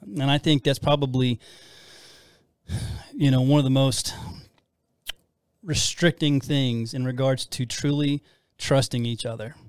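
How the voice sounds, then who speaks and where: A man's voice: medium pitch, steady tone, measured pace, pauses often, clean tone, no echo, studio quality. A middle-aged man co-hosting a casual faith-based talk about marriage, rambling and self-deprecating with frequent restarts. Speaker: podcast co-host.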